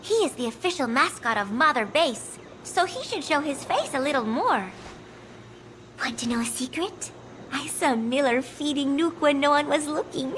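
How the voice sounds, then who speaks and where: A woman voicing a soft-spoken, kind young woman in a video game, talking in a gentle, earnest way. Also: high voice, expressive, normal speed, a little hiss or hum, low-quality recording. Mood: fond. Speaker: game character.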